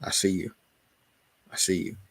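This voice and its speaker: Speaking a little slowly, a man relaxes into joking chatter about books and comics on his own channel, storytelling with lots of asides. He's an adult, and there's no room sound on the recording.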